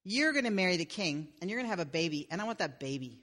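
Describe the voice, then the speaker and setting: A woman's voice: lowish voice, big pitch swings, fast talker, fairly bright tone, in a large hall. A woman voicing a sly little gremlin man who bargains with a crying girl, in a wheedling manner. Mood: sly, bargaining. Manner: wheedling, calls the girl missy.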